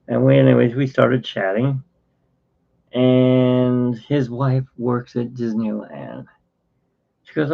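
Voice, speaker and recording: A man's voice: mid-range voice, fairly even intonation, slow, creaky, pauses often. A tired man telling a rambling personal story in a casual vlog, acting out the voices of the people in it. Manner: rambling, self-interrupting, acts out quoted dialogue. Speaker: channel host. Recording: dull lo-fi sound.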